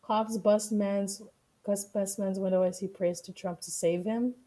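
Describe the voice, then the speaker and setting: A woman streamer giving casual, profane commentary on the news, blunt and quick to laugh. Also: medium pitch, fairly even intonation, mellow.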